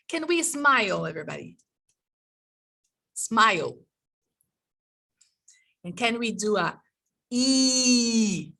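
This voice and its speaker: Woman, teacher trainer, slow-paced, encouraging, exaggerated mouth sounds, slightly distant from the mic. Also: mid-range voice, bright, forceful tone. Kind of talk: online workshop for teachers.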